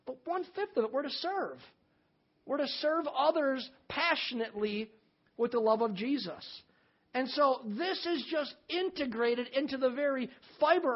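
Middle-aged preacher, man, talky and emphatic with homespun jokes; muffled, lo-fi church recording. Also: extremely high pitch. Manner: conversational, emphatic preaching with folksy humor. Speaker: pastor. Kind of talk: sermon. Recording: slightly dull lo-fi sermon recording.

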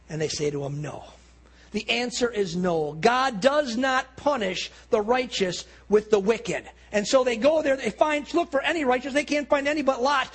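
A man preaching earnestly, slowing down and dropping low and quiet at solemn points. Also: slightly rough. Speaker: pastor. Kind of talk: sermon.

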